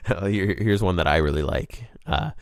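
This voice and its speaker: A man's voice: sits low, gravelly, no room sound, clean studio sound. A man around thirty co-hosting a casual podcast, joking and laughing often as he talks. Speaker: podcast co-host. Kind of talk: casual chat.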